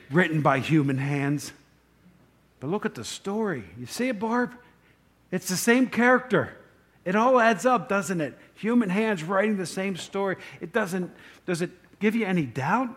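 A middle-aged male pastor delivers a rambling, conversational sermon. His voice sits a little high for a man. He keeps turning to the congregation with questions and drifting into personal asides. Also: breathy edge.

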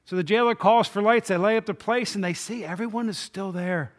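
A man's voice: high-pitched, brisk. Man preaching with rising questions. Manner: conversational preaching, rhetorical questions, swings from loud to hushed. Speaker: pastor. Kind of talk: sermon. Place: church sanctuary.

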